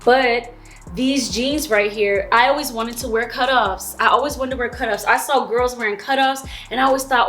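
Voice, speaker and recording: Woman, 30s, vlogger, candid, chatty, slangy asides, slightly high voice. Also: normal speed, fairly bright tone, faint music behind. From Florida. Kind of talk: personal storytelling vlog.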